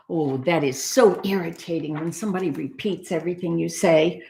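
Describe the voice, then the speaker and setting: A woman librarian reading a picture book aloud to young children, animated and explaining things simply. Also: on the low side, fairly quick, creaky, hardly any pauses. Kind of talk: children's storytime read-aloud.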